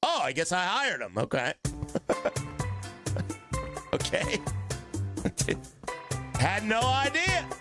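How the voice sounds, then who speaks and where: Animated man streaming a game. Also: sits high, very slow, long pauses, music in the background. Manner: joking, chats with viewers, groans at long dialogue. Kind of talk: casual live gaming commentary.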